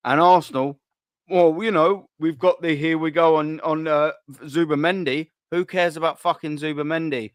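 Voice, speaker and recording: Furious ranting man, higher voice. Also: fairly even intonation, normal speed, no echo, clean studio sound. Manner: angry, swearing, repeating questions. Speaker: host. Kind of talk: heated fan rant.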